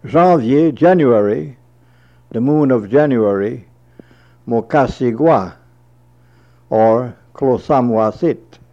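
A man slowly reading through a word list, giving each entry and its translation, sometimes repeating a word. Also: medium pitch, mellow. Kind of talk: slow dictionary reading with translations. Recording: dull lo-fi recording.

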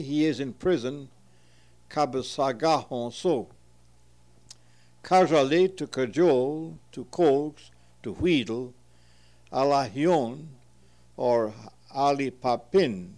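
Slow, measured man reading word lists. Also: mid-range voice, a little mellow. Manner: measured, deliberate, pauses between terms. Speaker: reader translating an old dictionary.

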